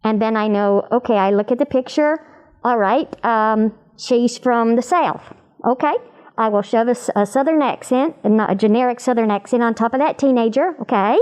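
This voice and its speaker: A woman voice actor in an animated interview chat, demonstrating voices as she explains her craft. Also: on the high side, moderate pace, smooth.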